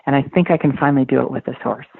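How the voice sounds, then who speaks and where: A woman's voice: a bass voice, racing, vocal fry, husky, no echo. A woman in her fifties, a dressage rider guesting on a podcast, talking earnestly and emphatically and repeating words, heard over a phone-like line. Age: 50s. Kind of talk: podcast interview.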